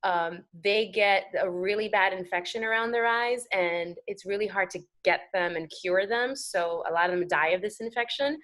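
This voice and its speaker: Brief: American actress, animated and talkative, mid-pitched, interview guest. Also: female voice, moderate pace, hardly any pauses. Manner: animated, chatty, many fillers. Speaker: guest actor. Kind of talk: casual interview chat.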